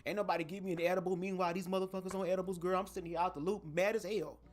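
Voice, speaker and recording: A man hosting a casual livestream, talking straight to his viewers in an animated, profane way from a home setup at his microphone. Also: high voice, racing, slight background noise. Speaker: livestream host. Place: home setup, speaking to camera. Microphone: desk microphone.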